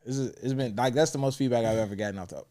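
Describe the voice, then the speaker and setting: A man's voice: medium pitch, very fast, mellow. A young man hosting a podcast, talking candidly and reflectively with frequent swearing. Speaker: podcast host. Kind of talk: casual chat.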